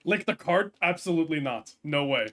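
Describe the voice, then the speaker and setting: A man's voice: fairly high pitch, animated, brisk, fairly bright tone. A man chatting casually on a live stream, hesitant with frequent ums and restarts.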